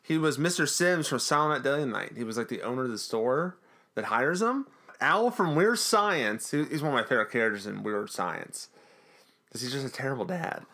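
A man's voice: mid-range voice, expressive, a little fast, pushed and bright. A man co-hosting a podcast, casually recapping a TV episode in a jokey, rambling way. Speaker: podcast co-host.

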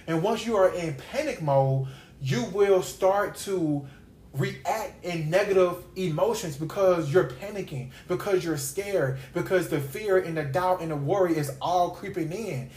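A man hosting a Bible study podcast, preaching in a casual, conversational way and repeating phrases for emphasis. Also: fairly high pitch. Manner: conversational, with slangy asides. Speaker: podcast host and Bible teacher. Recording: roomy echo.

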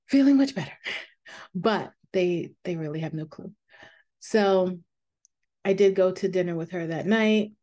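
A woman hosting her own podcast, talking candidly and reflectively in a casual way, with fillers and soft laughs. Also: lowish voice. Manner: calming voice for guided meditations. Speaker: podcast host. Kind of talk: casual personal podcast talk.

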